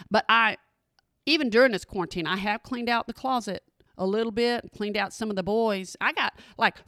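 A woman's voice: fairly high pitch, fairly bright tone, no echo, studio quality. Chatty woman podcaster. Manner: chatty, keeps addressing listeners as y'all. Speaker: podcast host. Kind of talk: casual solo chat.

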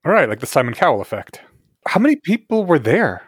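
A man's voice: fairly high pitch, big pitch swings, fast, breathy edge, no room sound, clean studio sound. A man hosting a podcast, asking curious, skeptical questions in a casual chat. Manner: curious, questioning, easily amused. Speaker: podcast host. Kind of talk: casual conversational interview.

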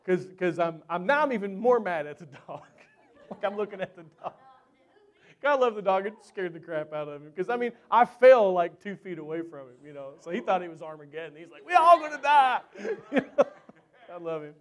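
High-voiced man preaching, storytelling. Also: a little fast. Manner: animated, chatty storytelling with many fillers. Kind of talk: sermon with personal storytelling.

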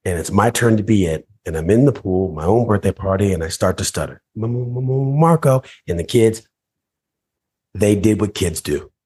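A man, a motivational speaker, telling his life story as a podcast guest, animated and acting out voices and scenes. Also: low voice, moderate pace, breathy edge.

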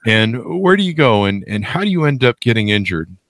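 A man's voice: mid-range voice, very animated, a bit bright. A man hosting a podcast interview, dropping jokes and asking follow-up questions. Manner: joking quips and quick follow-up questions. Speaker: podcast host.

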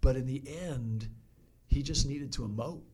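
A man's voice: medium pitch, a little mellow. A man who serves as a fire chief, speaking reflectively as a podcast guest and often restarting his words. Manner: reflective, halting, with many restarts. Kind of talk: casual podcast conversation.

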